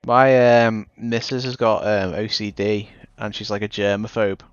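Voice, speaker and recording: In a clear, resonant, lowish voice with little pitch movement, a young Scouser from Liverpool chats unhurriedly while gaming on stream. He rambles, cutting himself off partway through sentences. The stream audio is dull and dry, with no echo and faint music behind him.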